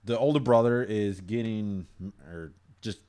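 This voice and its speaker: Warm and smooth, this man's voice is fairly low in pitch and a little slow. As one co-host of a casual anime chat show, he recaps episodes while laughing frequently and tripping over words before starting again.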